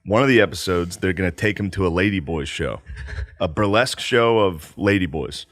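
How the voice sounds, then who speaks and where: Man, podcast host, low voice, animated storyteller, dry close mic. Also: normal speed, dry recording. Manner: animated storyteller, acts out quotes, laughs often. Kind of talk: casual chat, storytelling.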